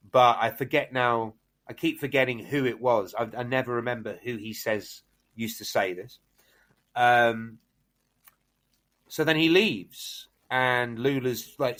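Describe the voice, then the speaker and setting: A man co-hosting a film podcast, retelling a plot in casual chat with lots of fillers and restarts. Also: medium pitch. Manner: animated, many fillers and restarts. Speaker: podcast host.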